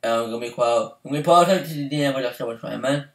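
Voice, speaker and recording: A young man ranting as a fan vlogger, swinging from loud outbursts to low mumbling. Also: quick pace, far from the mic. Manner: excitable, swings from shouting to mumbling. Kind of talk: heated ranting. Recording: echoey room, voice off-mic.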